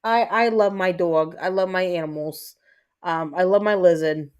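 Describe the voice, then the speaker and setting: A woman's voice: fairly low pitch, normal speed, darkish tone. Rambling, profane woman livestream host. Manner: rambling, profane, many fillers and restarts. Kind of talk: casual chat with viewers.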